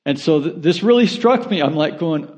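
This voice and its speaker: A man's voice: fairly high pitch, animated, normal speed, a little mellow. Earnest male preacher, lo-fi sound. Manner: earnest, rising to impassioned preaching. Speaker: pastor. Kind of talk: sermon.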